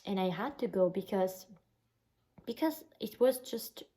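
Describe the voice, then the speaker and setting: Mellow-voiced young Italian woman vlogging. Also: mid-range voice, animated, measured pace, rough recording. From Italy. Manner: emotional, recounting a bad experience, lots of "like" fillers. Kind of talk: casual storytelling vlog.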